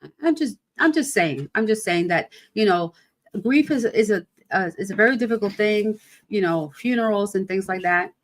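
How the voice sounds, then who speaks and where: A woman in her fifties hosts a podcast about grief, her voice medium-pitched and expressive at a normal speed. She talks casually and emphatically, rambling and asking plenty of rhetorical questions.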